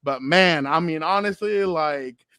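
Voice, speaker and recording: A man with a fairly high voice chats on a sports podcast. He tells stories with energy and acts out the people in them. The recording is dry and close to the mic. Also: unhurried, clean tone, no room sound. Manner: animated storyteller, acts out quotes. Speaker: podcast co-host. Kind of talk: casual chat.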